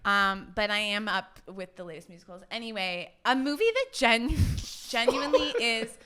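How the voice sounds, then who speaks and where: A woman's voice: medium pitch, normal speed, pushed and bright, smooth. A woman who is an actor and a guest on a podcast, talking in a self-deprecating way with frequent giggles. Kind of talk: casual interview chat.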